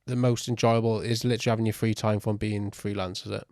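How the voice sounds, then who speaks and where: A young man hosting a podcast, asking questions in a relaxed, teasing way. His voice sits a little low and sounds close and dry. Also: fast, no room sound. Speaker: podcast host. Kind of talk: casual interview chat.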